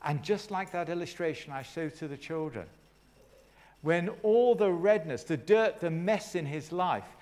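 A man's voice: on the high side, a little slow, darkish tone. A man preaching a sermon, retelling a story with dramatic flair and friendly asides to the congregation.

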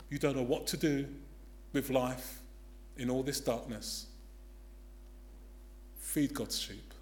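An older man preaching a sermon, emphatic and dramatic, swinging between loud declarations and hushed tones. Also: medium pitch, a little hiss or hum.

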